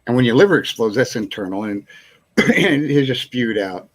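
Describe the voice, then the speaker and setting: A man's voice: mid-range voice, animated, moderate pace. A man hosting a casual live chat show, telling a long rambling anecdote, chuckling and acting out what people said. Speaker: host.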